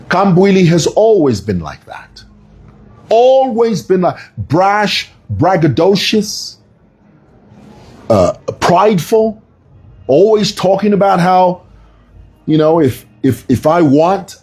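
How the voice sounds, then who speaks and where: Man, political commentary, husky voice, lively swooping pitch, emphatic, chatty asides. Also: slow pace, pauses often. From Zambia. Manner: animated, emphatic, storytelling with asides.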